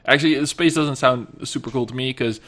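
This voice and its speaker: A man's voice: medium pitch, brisk, fairly bright tone. A man hosting a podcast, chatting casually, joking and stumbling over his words. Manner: joking, stammering restarts. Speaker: podcast host. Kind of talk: casual chat.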